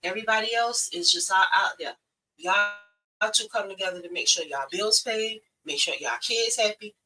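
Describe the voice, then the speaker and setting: A woman's voice: lowish voice, sharp tone, distant mic, poor audio. A woman giving blunt, preachy relationship advice in a casual live stream, talking straight to women viewers.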